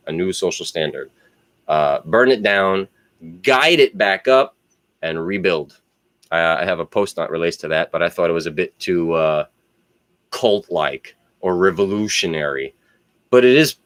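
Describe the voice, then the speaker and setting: A man's voice: sits low, a bit bright, no room sound. A man talks on his own, rambling from thought to thought and swearing freely. The sound is dry and close, with no room around it. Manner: rambling, profane, philosophizing. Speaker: solo video host. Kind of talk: rambling monologue.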